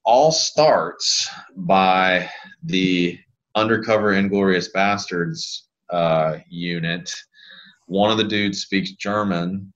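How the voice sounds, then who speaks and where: Man, very low voice, casual podcast guest, rambling stories, dull lo-fi sound. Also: slow. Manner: rambling, animated storyteller. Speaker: pelvic health physical therapist guest.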